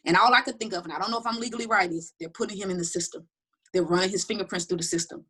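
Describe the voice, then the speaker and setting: A middle-aged woman telling personal stories in an interview, talking quickly and animatedly with many restarts. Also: lowish voice, breathy edge. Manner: fast, animated storytelling with frequent restarts. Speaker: interview guest. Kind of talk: candid personal storytelling.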